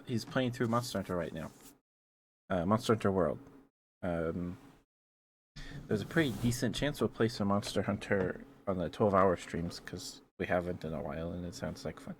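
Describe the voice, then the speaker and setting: A young man, an ASMR streamer, rambling softly to his chat with frequent ums and small kisses. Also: on the low side, a little hiss or hum. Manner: rambling, greets chat viewers with kisses, hesitant fillers.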